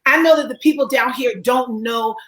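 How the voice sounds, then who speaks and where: A woman with a raspy voice hosting a live online talk show, upbeat and encouraging in a preacherly way. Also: on the high side, normal speed, a bit bright, poor audio. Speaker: host.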